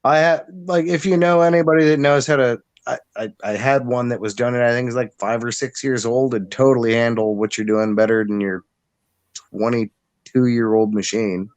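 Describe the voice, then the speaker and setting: A man's voice: mid-range voice, fairly even intonation, normal speed, dry recording. A man in his thirties chats on a live stream in an everyday mid-range voice. He drops dry, joking asides into easy talk. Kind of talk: casual chat.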